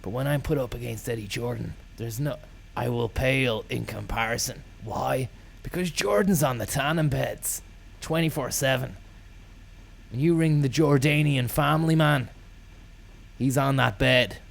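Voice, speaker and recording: A man delivering a rambling, deadpan comic monologue full of absurd tall tales and casual swearing. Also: medium pitch, normal speed, creaky. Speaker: comedy podcast host.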